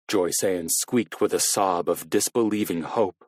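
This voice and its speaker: Rich: a male narrator reading a crime thriller in a measured, steady delivery. His voice sits low, and the recording is close and dry. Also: dry recording. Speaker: audiobook narrator. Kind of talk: scripted narration.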